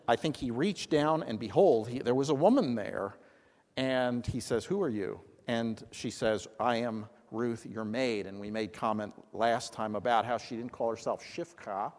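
Man teaching scripture in a reverberant hall. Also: medium pitch. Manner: animated storytelling, acts out lines. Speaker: Bible study teacher. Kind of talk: teaching discussion.

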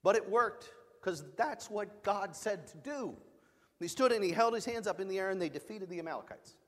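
Animated middle-aged male preacher, echoing hall. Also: high voice, moderate pace. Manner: animated, emphatic storytelling. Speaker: pastor. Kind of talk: sermon.

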